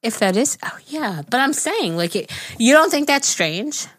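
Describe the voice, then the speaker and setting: A woman's voice: on the high side, sing-song, moderate pace, a bit bright, breathy edge, no room sound. A young woman with a Long Island accent, co-hosting a casual podcast chat in a giggly, chatty way, often talking over her friend. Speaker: podcast co-host.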